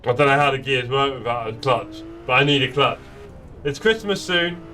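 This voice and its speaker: Here the same kind of live gameplay chat plays out: a man jokes around with friends while streaming sim racing from his home rig. His mid-range voice sounds pushed and bright at a moderate pace, picked up by a distant mic over slight background noise.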